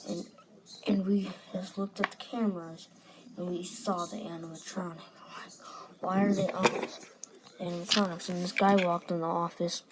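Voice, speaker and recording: A woman with a lowish voice and level tone speaks at normal speed, casually retelling a dream as a storyteller. She rambles and restarts, saying "and then" a lot. It's a home recording with background noise.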